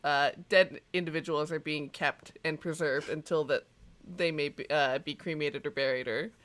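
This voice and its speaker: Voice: medium pitch, steady tone, moderate pace, fairly bright tone. A game master narrating a tabletop role-playing scene, setting the mood with fillers like "sort of" and "kind of".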